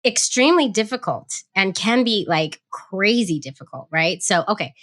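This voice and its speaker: A woman hosting a podcast, bubbly and effusive, chatting warmly with guests and listeners. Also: medium pitch, lively intonation, normal speed, dry recording, studio quality. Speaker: podcast host.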